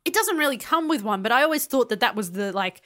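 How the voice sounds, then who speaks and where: A woman with an Australian accent, co-hosting a comedy podcast and telling stories in an animated, casual way. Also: on the high side, fast talker. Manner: animated storytelling, swearing. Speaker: podcast co-host.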